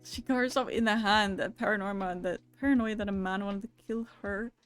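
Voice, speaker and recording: Brief: young woman streamer, casual and foul-mouthed, mid-range voice, soft music under her. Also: mid-range voice, steady tone, clean tone. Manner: casual, profane, quick to laugh. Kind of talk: casual live-stream chat, reading viewer messages.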